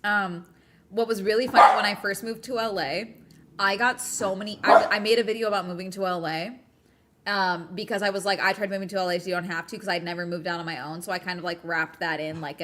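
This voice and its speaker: A woman's voice: lowish voice, steady tone, fast, heavy background noise. A young woman from Southern California with a Southern California accent, chatting casually on a livestream as host and reading chat aloud, with lots of ums and likes. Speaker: streamer host.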